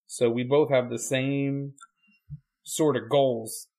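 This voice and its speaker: A man's voice: mid-range voice, slow pace. Easygoing man with dry humor. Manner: easygoing, reflective, dry deadpan jokes. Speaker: podcast co-host, preacher. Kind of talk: casual chat.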